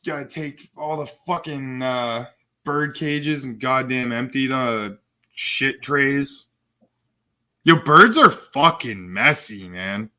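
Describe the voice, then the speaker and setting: A man's voice: a little high, bright, forceful tone. A man hosting a live stream, chatting casually in a rambling way and swearing a lot. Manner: rambling, swears a lot, slips into mock voices. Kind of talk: casual profane stream chat.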